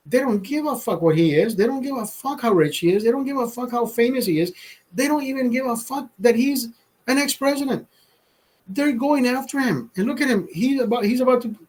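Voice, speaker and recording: A high-voiced man chats on his livestream, rambling from one thought to the next. He swears freely and breaks into laughter often. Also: lively intonation, moderate pace, a little mellow. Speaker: livestream host. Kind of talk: casual livestream chat.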